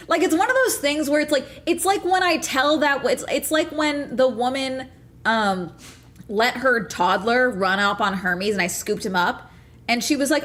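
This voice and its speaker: A young adult woman streaming and chatting casually, telling stories in a profane, animated way with many restarts. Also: high voice, unhurried. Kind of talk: casual livestream chat.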